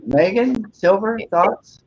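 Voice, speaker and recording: A man's voice: high-pitched, expressive, takes it slowly, gravelly, highs cut off, noisy background. A man hosting a discussion on a church broadcast, thinking aloud with many restarts and fillers. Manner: thoughtful, hesitant, many restarts. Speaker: host. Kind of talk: casual discussion.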